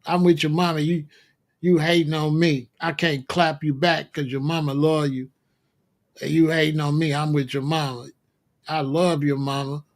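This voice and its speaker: A man with a notably high speaking voice rants comically as the host of his own show. He talks in loud, slangy street talk, mocking and swearing freely as he lectures. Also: little pitch movement, normal speed. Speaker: commentary host. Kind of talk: comedic rant.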